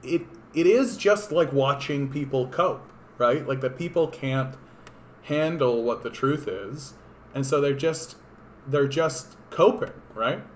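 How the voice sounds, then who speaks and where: A man talks politics on a casual livestream in a hoarse, worn voice. His pitch sits in the middle range, and his delivery wanders, full of sarcasm and the odd curse. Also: slow pace, slight background noise. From Canada. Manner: sarcastic, rambling, profane. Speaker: political streamer.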